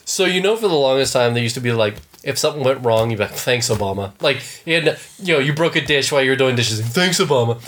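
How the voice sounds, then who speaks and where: Animated, swearing man in casual chat. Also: medium pitch, very fast, few pauses, slight background noise. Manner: animated storyteller with swearing and acted-out quotes.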